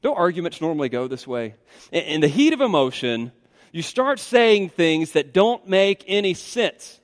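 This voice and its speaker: A male pastor preaching a sermon, emphatic and animated, swinging between loud insistent stretches and hushed asides. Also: a little high, moderate pace. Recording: reverberant hall.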